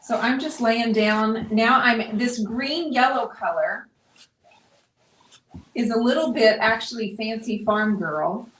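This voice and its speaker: A woman's voice: on the high side, slow pace, a bit bright. A middle-aged woman hosting a live painting stream, chatting casually and explaining each step as she paints.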